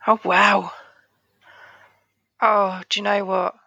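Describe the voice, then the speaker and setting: Woman teacher guest, bright forward voice, eager, restarts a lot, dry close sound. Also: mid-range voice, flat delivery, slow pace, vocal fry, breathy edge, no room sound, dull audio. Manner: enthusiastic, restarts and trails off often. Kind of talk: podcast interview.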